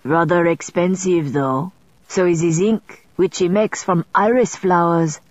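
A woman's voice: on the low side, a little slow, darkish tone, no room sound, natural voice. A woman reading the part of a kindly, middle-aged male French scrivener with a French accent, in a slightly muffled recording. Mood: polite.

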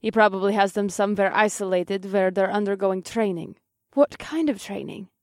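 A woman's voice: mid-range voice, normal speed, no echo, clean studio sound, close to an everyday voice. A woman voicing the young female companions in a fantasy audiobook, in a conversational, curious manner. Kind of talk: audiobook character dialogue.

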